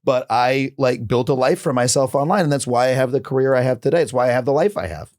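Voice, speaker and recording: A man's voice: medium pitch, fast talker, darkish tone. A man hosting a podcast, interviewing a guest in a friendly casual chat. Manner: friendly interviewer with short affirmations. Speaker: podcast host.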